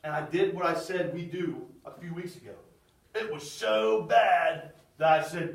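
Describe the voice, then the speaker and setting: A middle-aged man tells a personal testimony with a high, lifted voice that bursts loud and then drops to a hush. He stands well back from the mic in an echoey room. His storytelling is dramatic and uneven. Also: a little slow, far from the mic. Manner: storytelling, swings from loud outbursts to hushed near-whispers. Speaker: speaker sharing a personal testimony. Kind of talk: testimony talk.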